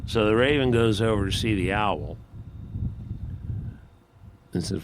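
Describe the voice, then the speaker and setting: Male campfire storyteller, folksy, slow, lowish voice, outdoors. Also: background noise. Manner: folksy, unhurried, conversational. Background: faint outdoor ambience.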